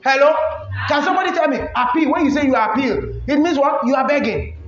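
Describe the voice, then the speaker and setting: A man preaching a sermon, building to shouted emphasis and firing rhetorical questions at the congregation. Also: extremely high pitch, a little fast. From Ghana. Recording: echoey church hall, dull lo-fi.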